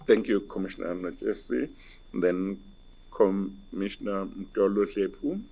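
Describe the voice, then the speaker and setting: A South African man chairing a hearing panel, brisk and good-humoured, calling on speakers. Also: deep voice, vocal fry, warm tone, slight background noise, rough recording. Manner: brisk, chuckling asides.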